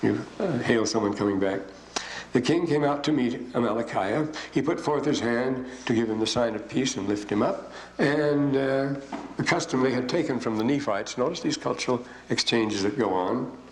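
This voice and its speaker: An older man giving a rambling, digressive classroom lecture with frequent pauses. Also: medium pitch, darkish tone. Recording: echoey room, faint hiss.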